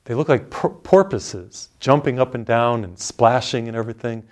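A middle-aged man preaching a relaxed sermon, telling stories and guiding listeners through slow, deep breaths.

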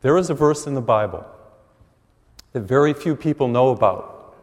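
Middle-aged priest preaching in a reverberant church. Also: male voice, mid-range voice, normal speed. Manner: animated storytelling with acted quotes. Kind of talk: sermon. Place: large church.

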